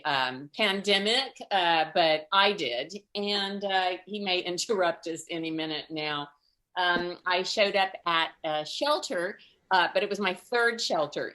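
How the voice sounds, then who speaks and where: An older woman with a bright, forceful voice performs stand-up over a video call. She tells her stories with lively acted-out voices and frequent laughs. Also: lowish voice. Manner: animated storyteller, acts out voices, laughs often. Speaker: stand-up comedian. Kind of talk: stand-up comedy storytelling.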